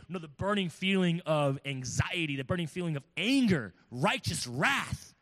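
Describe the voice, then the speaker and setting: A man preaching a sermon, reading scripture aloud and explaining it, with swings between loud emphasis and hushed asides. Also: on the high side, expressive, normal speed, few pauses, long reverb tail. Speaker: pastor.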